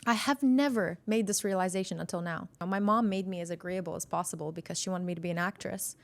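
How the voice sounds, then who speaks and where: A woman's voice: on the low side, fast. Candid woman podcast host. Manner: candid, self-reflective, casual. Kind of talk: podcast interview.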